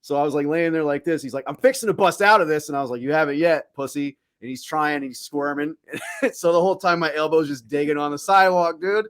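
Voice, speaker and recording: Smooth and a little high, a young man's voice moves briskly as he co-hosts a podcast, recounting a profane anecdote with lively impressions of what people said. The studio sound is clean, without any room sound.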